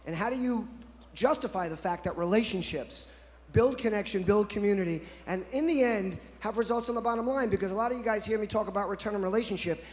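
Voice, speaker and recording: A man in his fifties with a notably high voice tells playful stories to a conference crowd and keeps talking straight to the listeners. His voice rings with the long echo of a big conference hall. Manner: playful, anecdotal, addresses the audience directly. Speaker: conference presenter. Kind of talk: storytelling keynote talk. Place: conference stage.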